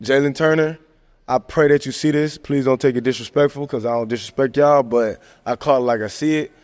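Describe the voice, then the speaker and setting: A man hosting a podcast, giving casual sports commentary in a slangy, animated rant full of fillers. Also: mid-range voice, a little fast. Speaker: podcast host. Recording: long echoing reverb.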